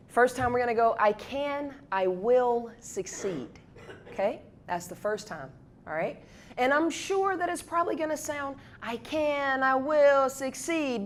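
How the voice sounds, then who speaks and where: A woman gives a motivational talk at a university event, leading the audience in a repeated chant and building up to shouts. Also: on the high side. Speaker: guest speaker.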